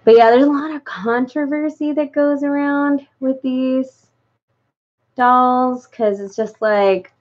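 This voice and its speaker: This woman, a doll-collecting vlogger, talks off the cuff to her audience, full of "like"s and restarts. She speaks slowly in a high voice with a darkish tone and fairly even intonation, captured in dull audio.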